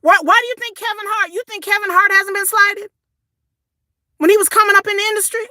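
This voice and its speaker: A woman, ranting casually to her viewers, sassy and animated, swearing and repeating words as she goes. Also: extremely high pitch, fairly quick, no echo, clean studio sound. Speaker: commentary vlogger. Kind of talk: casual opinion rant.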